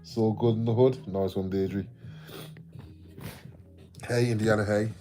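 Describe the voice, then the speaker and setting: Low-voiced Midlands man chatting on stream. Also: fairly even intonation, unhurried, dark tone, faint music behind. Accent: English Midlands. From English Midlands. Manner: chatty and rambling, sweary, laughs often, reads out viewer comments. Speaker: livestream host. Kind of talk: casual livestream chat.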